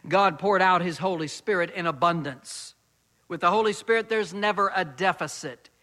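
A man preaching a sermon as pastor, reading scripture slowly and deliberately and growing louder and higher when stirred.

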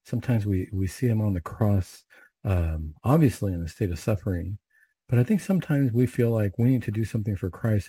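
Low husky guy praying then preaching, slow and thoughtful, dry room. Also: mellow, dry recording. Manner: unhurried, reflective, conversational. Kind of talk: prayer recitation and homily.

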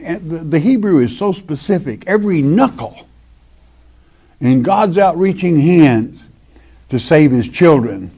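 A man's voice: a little high, dark tone. An older man preaching a sermon, reading scripture aloud and stressing points emphatically. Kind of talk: sermon, Bible teaching.

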